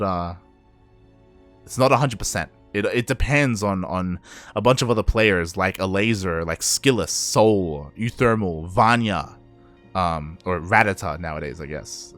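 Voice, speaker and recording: A man's voice: low voice, lively intonation, measured pace, a bit bright, soft background music. A tired young man with an Australian accent that has a Latin American touch, chatting casually as an esports caster, rambling and correcting himself. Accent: Australian with Latin American influence. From Australia, Peruvian parents. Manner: rambling, self-correcting, chuckles often. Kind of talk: casual stream wrap-up chat.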